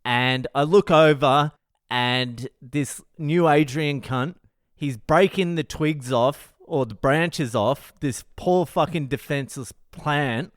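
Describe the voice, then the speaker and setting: A man's voice: fairly high pitch, takes it slowly, dry recording, clean studio sound. A man hosting his own podcast, telling a story in a profane, exasperated way. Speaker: comedian podcast host. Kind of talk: solo storytelling monologue.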